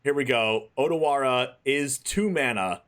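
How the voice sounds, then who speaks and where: A man co-commentating a card game tournament on his stream, giving chatty, relaxed color commentary. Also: mid-range voice, a little slow.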